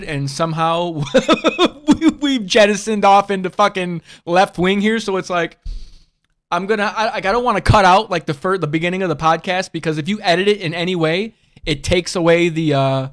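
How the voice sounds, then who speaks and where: Blunt, profane man with a high voice. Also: fairly bright tone. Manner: blunt and profane, rambling with restarts. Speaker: livestream host. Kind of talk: casual livestream chat.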